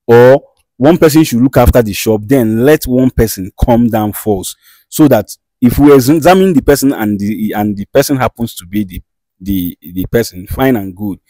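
A man plays a patient male interpreter. He relays each point slowly and repeats himself as he goes. The recording is close and dry, and his voice sits mid-range. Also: mid-range voice, dark tone, no room sound, close to an everyday voice, low-quality recording. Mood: measured. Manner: slow, deliberate interpreting with repetitions. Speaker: interpreter for the diviner.

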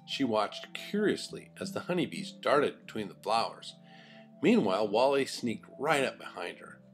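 An older man narrating a children's storybook in an expressive, folksy way. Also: fairly low pitch, moderate pace, soft background music.

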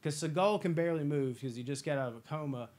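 A man hosting a casual movie review chat, enthusiastic and profane, acting out scenes in quick impressions. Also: a little high, a little mellow. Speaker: podcast host.

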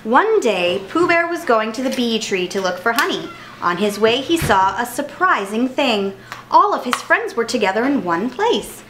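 A woman storyteller reading a children's storybook aloud in an expressive manner. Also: fairly high pitch, moderate pace, slight background noise. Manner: animated, expressive.

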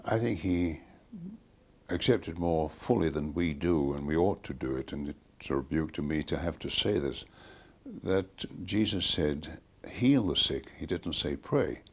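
Older male interviewee, deep and husky, earnest storyteller who punches the quoted lines. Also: measured pace. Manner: earnest, animated retelling with emphatic quoted commands. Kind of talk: recounting stories in an interview.

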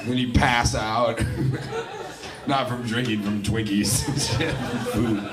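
A man's voice: mid-range voice, takes it slowly, distant mic, loud music behind the voice, a loud crowd. A man in his twenties doing a profane, rambling stand-up set on a comedy club stage, often laughing at his own jokes. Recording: live club recording with audience laughter. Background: audience laughing.

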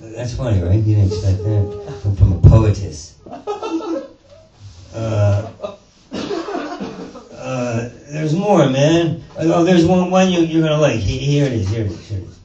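Muffled and dark, with vocal fry in a mid-range register, this comedian's voice wanders through a digressive stand-up story as he stammers and curses. An audience watches in a small performance space. The mic is far off, the room echoes, and faint noise lingers.

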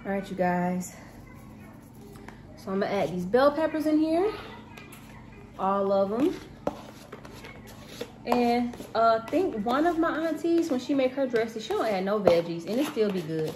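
Fairly high-pitched and animated, she talks a little slowly and pauses often. A cooking vlogger in her thirties, she addresses viewers directly in a casual, chatty way as she cooks in an echoey home kitchen with faint room noise.

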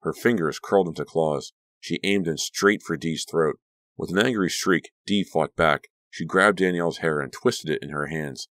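A man's voice: a bass voice, moderate pace, a bit bright, no echo. A man narrating a horror audiobook with an intense, vivid reading.

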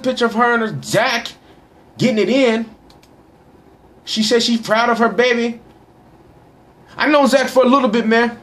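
A young man giving casual, boisterous shout-outs to followers in a profane, slangy way. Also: high voice. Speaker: vlogger reading social media shout-outs. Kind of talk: casual live shout-out chat.

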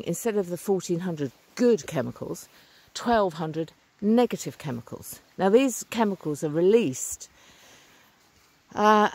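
A woman's voice: medium pitch, darkish tone, no echo. Upbeat woman vlogging on a walk. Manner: earnest, upbeat, chatty with fillers. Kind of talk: walking vlog, casual talk to camera. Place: outdoors on a rural lane by a stream. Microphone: phone or camera held while walking.

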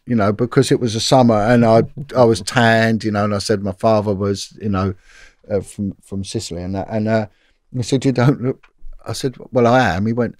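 A man's voice: on the low side, brisk, darkish tone, no room sound, clean studio sound. A middle-aged British man, a former police detective telling a long anecdote in a casual interview, with lots of restarts. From Britain.

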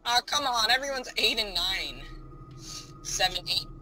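A man chatting casually with a friend while playing an online game, excitable and quick with jokes. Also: high voice, low-quality recording. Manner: excitable, jokey, quick to laugh. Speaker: gamer. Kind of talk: casual gameplay chat. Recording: game music playing behind. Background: game music.

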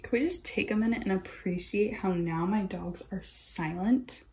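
A woman's voice: medium pitch, moderate pace, a little hiss or hum. A young woman chatting casually while crafting, rambling with lots of "like" and acting out quotes as she tells stories. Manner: rambling, peppered with "like", animated retelling of quotes. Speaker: craft vlogger. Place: home craft room.

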